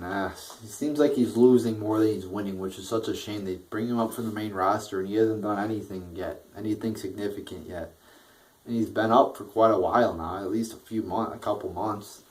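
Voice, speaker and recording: A man's voice: fairly low pitch, a little mellow, poor audio. A man giving a casual, profane review, blunt and rambling, with a bored, dismissive tone. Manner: blunt, crude, rambling with frequent swearing. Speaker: wrestling show reviewer.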